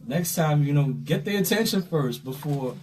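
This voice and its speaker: A man's voice: fairly high pitch, animated, moderate pace, darkish tone, distant mic. A man co-hosting a casual chat, stammering and repeating himself. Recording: noisy, from off the mic.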